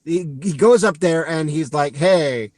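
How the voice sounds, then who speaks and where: A man's voice: on the high side, a little mellow. A man co-hosting a podcast, casually recapping a movie in a rambling way and acting out lines as he goes. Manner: rambling, acts out lines with quick asides. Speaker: podcast co-host.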